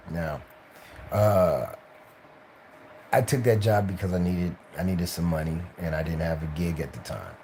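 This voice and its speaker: A man's voice: deep voice, background noise. A tired man, an actor, telling career stories on a casual live stream, rambling with many fillers and restarts and slipping into voices for other people. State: tired, late at night.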